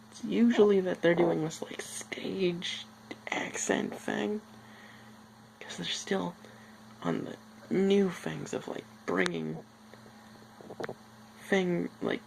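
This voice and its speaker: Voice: medium pitch, vocal fry, a little mellow, a little hiss or hum, low-quality recording. A film reviewer talking casually, rambling off on tangents with many filler words.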